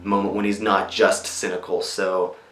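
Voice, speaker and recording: A young man talks easily about voicing characters, filling his pauses with ums and you-knows. His voice sits somewhat low. It rings with a roomy echo, and soft music plays underneath. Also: monotone. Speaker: voice actor. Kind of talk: behind-the-scenes interview. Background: faint music.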